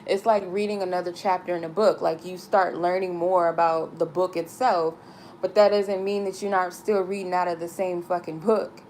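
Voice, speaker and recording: A woman's voice: on the low side, fairly even intonation, normal speed, darkish tone, slight background noise. A woman giving a collective tarot reading in a casual, rambling way, speaking candidly and swearing freely. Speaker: tarot reader.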